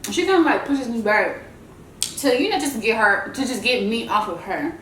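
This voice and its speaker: A woman vlogger telling a story in a chatty, animated way while she eats, and she calls her viewers y'all. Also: a little high, moderate pace, echoey room, slight background noise, low-quality recording. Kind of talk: casual storytelling while eating.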